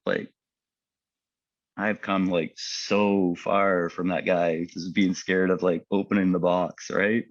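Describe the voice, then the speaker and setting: A man, a paramedic, telling his personal story in a halting way, full of fillers and repeated words. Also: sits low, no room sound, highs cut off. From Canada. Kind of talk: personal testimony talk.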